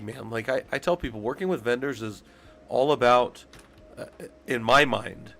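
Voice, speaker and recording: A man's voice: mid-range voice, gravelly, fairly bright tone. A man streaming casually, congested from being sick, rambling and swearing as he talks to his chat. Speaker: streamer talking through job requirements.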